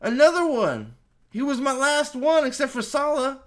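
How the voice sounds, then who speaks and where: A man's voice: sing-song, normal speed. A man doing a whiny, self-pitying old adventurer. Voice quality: high whiny voice.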